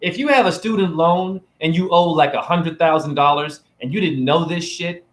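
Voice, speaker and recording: On the high side and at normal speed, this man's voice carries a live-stream rant to viewers, recorded on a phone camera. Posing as a spiritual teacher, he preaches and taunts his chat, tossing out rhetorical questions and "right?" again and again.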